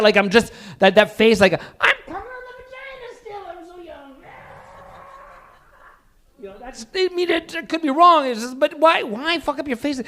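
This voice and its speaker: High, lively stand-up comedian. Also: male voice. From Alberta, Canada. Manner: rambling, self-deprecating, halting delivery. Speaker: open mic comedian.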